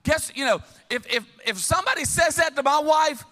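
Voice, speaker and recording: A middle-aged man preaching a sermon as pastor, telling funny stories with lively call-and-response to the congregation. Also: very high voice, moderate pace, hardly any pauses. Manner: humorous, animated storytelling with call-and-response. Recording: long reverb of a large hall.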